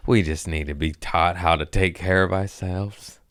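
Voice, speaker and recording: A man's voice: deep voice, steady tone, moderate pace, fairly bright tone, no room sound, studio quality. A young man hosting a podcast in a podcast room, chatting casually in a rambling, profane, joking way. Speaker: podcast host. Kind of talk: casual comedic podcast chat.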